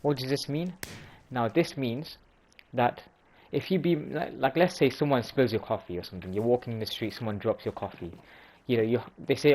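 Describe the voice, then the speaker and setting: A man's voice: mid-range voice, normal speed, a little mellow, a little hiss or hum, low-quality recording. Casual man explaining hadith. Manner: informal, restarts and self-corrections. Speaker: religious video host.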